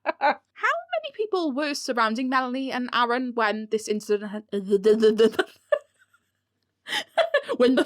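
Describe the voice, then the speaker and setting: A British woman reading her own novel aloud, often breaking into giggles and swearing at her slips. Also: on the high side. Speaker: author narrating her own audiobook. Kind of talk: audiobook reading with bloopers. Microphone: home recording mic.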